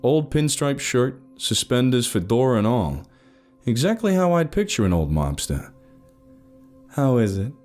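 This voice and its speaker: A man narrating a first-person story, giving each character an expressive voice. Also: mid-range voice, normal speed.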